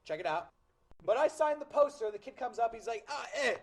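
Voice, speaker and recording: A man's voice: extremely high pitch, animated, fairly quick, darkish tone, a little hiss or hum. A middle-aged man hosting a livestream, telling a convention story animatedly and acting out voices. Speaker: animation show host.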